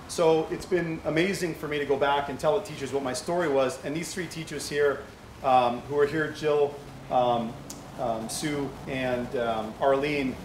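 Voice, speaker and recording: A middle-aged man speaking conversationally to a fundraiser audience, telling stories and asking rhetorical questions. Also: mid-range voice. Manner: anecdotal, asks rhetorical questions. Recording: echoey hall with faint background hum.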